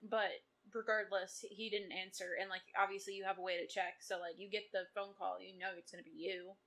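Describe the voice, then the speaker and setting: A young woman co-hosting a podcast, musing about a book in a relaxed, conversational way. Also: medium pitch, brisk. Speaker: podcast co-host. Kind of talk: casual book-review chat.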